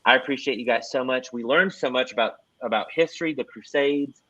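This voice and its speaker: An upbeat man hosts a casual livestream chat, rambling cheerfully and plugging events between chuckles. His voice sits at an ordinary middle pitch. The sound is dry and a little dull, like a lo-fi stream. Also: a little fast, fairly bright tone, dry recording. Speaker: host.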